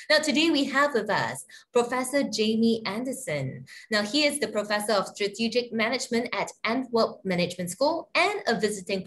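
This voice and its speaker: A woman with a Singaporean accent reads a formal scripted introduction as host of an online seminar. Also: medium pitch. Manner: polished, formal announcer delivery. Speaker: webinar host. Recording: faint background noise.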